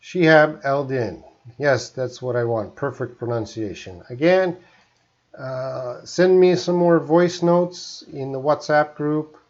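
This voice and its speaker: A man from Canada teaching English on a live stream, speaking slowly and deliberately and often checking that listeners follow. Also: medium pitch, a little mellow, dull audio. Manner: slow, deliberate teacher talk with frequent check-ins.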